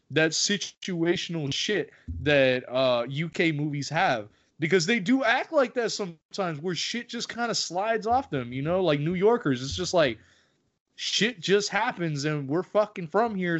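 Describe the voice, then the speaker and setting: A New man with a high-pitched voice chats animatedly, swearing freely as he acts out scenes. The audio is a little muffled, like a lo-fi recording. His bursts swing up and down as he retells moments. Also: fairly bright tone. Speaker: podcast co-host. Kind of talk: casual film-discussion chat.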